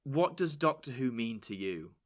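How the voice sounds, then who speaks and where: A man from England hosting a casual interview, chatty and animated, often jumping into high quoted voices. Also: normal speed. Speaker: podcast host.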